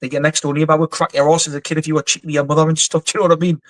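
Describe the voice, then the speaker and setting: A man's voice: a little high, flat delivery, very fast, dry recording. A man talking as a guest on a video call from offshore quarters, rambling and swearing bluntly. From England. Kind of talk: casual interview chat.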